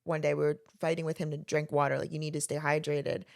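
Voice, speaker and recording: A woman with a low, gravelly voice hosts a casual podcast. She speaks earnestly and addresses the viewers directly. The sound is dry and close. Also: flat delivery, fast talker, darkish tone, no echo. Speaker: podcast host.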